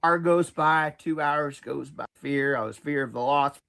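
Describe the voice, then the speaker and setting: High-voiced rambling man from Oklahoma. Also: a little slow, creaky, sharp tone. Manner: rambling, repeats himself, stumbles over words. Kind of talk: storytelling testimony.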